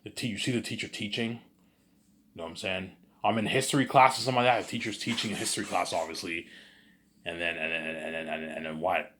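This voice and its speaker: A man's voice: deep voice, fairly even intonation, fast, pushed and bright, slight background noise. A young man telling a story in casual talk, rambling, repeating words and saying "you know what I'm saying" often.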